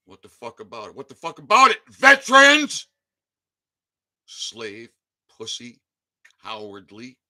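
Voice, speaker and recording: A man delivering an angry ranting monologue, swinging between shouting and low muttering, with heavy profanity. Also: wildly swooping pitch, measured pace, long pauses. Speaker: channel host.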